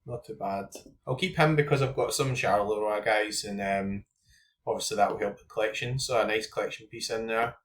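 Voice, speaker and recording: A man's voice: on the low side, a little fast, a bit bright, a little hiss or hum. A young man hosting his own channel, talking casually and thinking aloud as he goes through his fantasy football cards, with lots of "like" and "um". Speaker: YouTube host.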